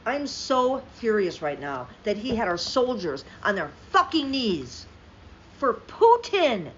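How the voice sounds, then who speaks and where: A woman with a fairly high voice vents about politics in a heated, profane rant. She punches her words hard and repeats them for emphasis. The audio is a bit dull and lo-fi, with faint background hiss. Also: very animated, slow, a bit bright. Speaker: political commentator.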